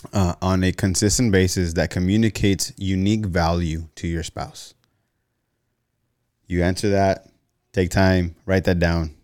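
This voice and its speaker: A man's voice: deep voice, dry recording, studio quality. A man preaching a sermon on marriage, telling stories and often repeating words as he goes. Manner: repeats words, storytelling, rising animated in anecdotes. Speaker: pastor.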